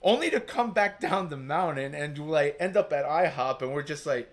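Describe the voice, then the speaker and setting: A man's voice: a little high, expressive, normal speed. A man telling a personal story as a guest, rambling and packing his talk with filler words. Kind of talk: casual storytelling.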